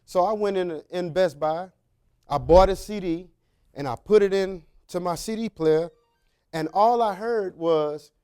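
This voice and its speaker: A man's voice: high-pitched, measured pace, clear, resonant tone. A man, a former prison officer, giving a storytelling talk to young men, acting out dialogue in colloquial, loose phrasing. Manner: animated storytelling with acted-out dialogue; colloquial, drawling street phrasing.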